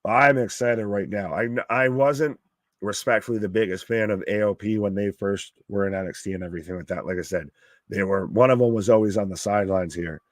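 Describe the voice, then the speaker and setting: A man talks through a wrestling show live, casual and quick to swear or cheer when something catches him off guard. His voice sits a bit low and comes over a close mic with a dry sound. He chats loosely, as if to an audience watching along. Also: dry recording. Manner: excitable, swears, pops loudly at surprises. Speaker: alternative commentary host.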